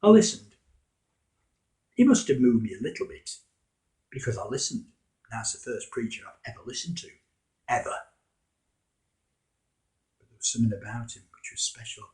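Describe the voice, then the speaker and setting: A man's voice: mid-range voice, sing-song, moderate pace, pauses often, darkish tone. Wry man telling a first-person story. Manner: wry, conversational, self-mocking.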